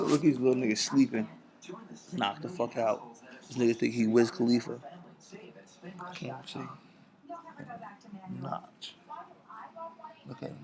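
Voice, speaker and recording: A young man rambling loosely and profanely at home at night, drifting between loud talk and whispers, recorded on a laptop mic. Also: medium pitch, gravelly, poor audio. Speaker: vlogger. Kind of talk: rambling casual vlog. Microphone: laptop built-in mic.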